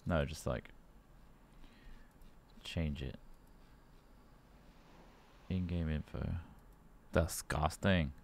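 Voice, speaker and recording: Deep-voiced male co-host with a dry, deadpan delivery for casual gameplay chat. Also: normal speed, vocal fry, slight background noise. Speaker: gaming co-host. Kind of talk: casual chat while playing.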